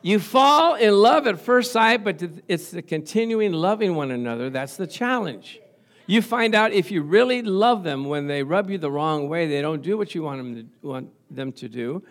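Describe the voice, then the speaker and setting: A man's voice: high voice, expressive, normal speed. Joking older male pastor preaching. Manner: storytelling, laughs often, calls "Amen?" to the congregation. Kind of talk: humorous sermon. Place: church.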